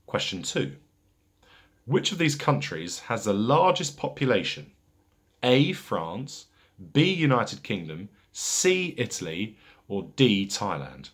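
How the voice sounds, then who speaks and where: A man with a low, husky voice runs a casual pub quiz. He reads each question out twice at an unhurried, deliberate pace and drops in chatty asides with plenty of fillers between rounds. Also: sing-song.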